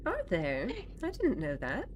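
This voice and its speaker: Wry, teasing defense attorney read by a woman for a game read-along, pitch rising and falling freely. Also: wildly swooping pitch, measured pace, heavily acted.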